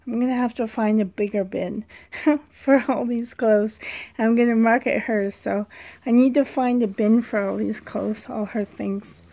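Slow, gushing woman showing doll clothes. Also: a little high, darkish tone. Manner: gushing, slow, breathy asides. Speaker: reborn doll collector vlogger. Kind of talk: casual show-and-tell vlog.

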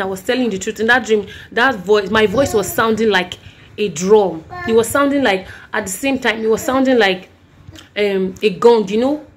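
Woman, sore throat, earnest rambling preacher, faint hiss behind. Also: mid-range voice. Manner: rambling, restarts often, earnest. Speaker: Christian vlogger. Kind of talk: recounting a dream, preaching.

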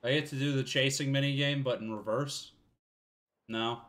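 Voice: mid-range voice, steady tone, normal speed, fairly bright tone. A streamer giving casual live commentary while playing a game, wry and rambling, with profane asides.

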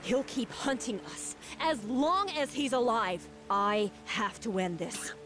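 An actress voicing a fierce, protective lioness warrior in an animated series, speaking in a stern, resolute way. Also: female voice, fairly high pitch, takes it slowly, background noise. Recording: animated clip with music.

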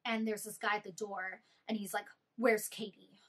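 A young woman vlogger telling an animated, exasperated storytime about a bad living situation. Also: medium pitch, brisk. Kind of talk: storytime vlog.

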